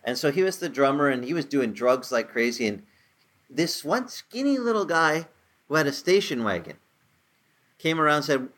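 A man's voice: fairly high pitch, big pitch swings, moderate pace, a bit bright. A man in his sixties preaching a casual, conversational sermon, telling stories with rising emphasis. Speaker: pastor.

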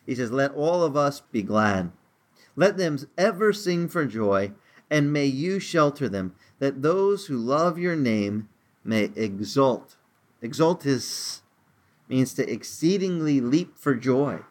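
A man teaching the Bible informally around a table, animated and conversational, with restarts and asides. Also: takes it slowly. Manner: animated, lively pitch swings, acts out voices in quotes. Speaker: preacher teaching a home Bible study.

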